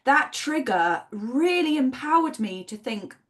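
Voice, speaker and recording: A woman's voice: sits high, sing-song, a little slow, fairly bright tone. A woman hosting a podcast, openly telling stories from her own work and laughing easily. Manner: open, storytelling, laughs easily. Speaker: podcast host, yoga teacher. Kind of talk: casual podcast conversation.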